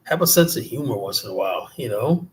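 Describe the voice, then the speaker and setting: A livestream host from South Jamaica, Queens, New York, rants casually in a mocking, profane, rambling way. His mid-range voice is expressive and quick, with a little hiss or hum on the recording.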